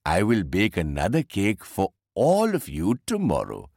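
A man's voice: low voice, huge pitch swings, creaky, darkish tone, no room sound, studio quality, exaggerated voice. A man reading the lines of a stern but caring mother in a storybook. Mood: reassuring. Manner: firm, measured.

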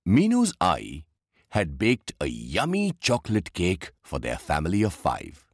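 A man narrating a children's story for an audiobook in an expressive storytelling manner. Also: deep voice, a little slow, breathy edge, no room sound, studio quality.

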